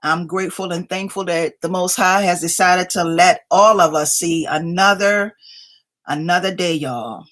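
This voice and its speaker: A woman's voice: on the low side, a little slow, fairly bright tone. A woman hosting a casual craft livestream from home, greeting viewers by name as they join and chatting along, a little sleepy. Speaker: craft channel host.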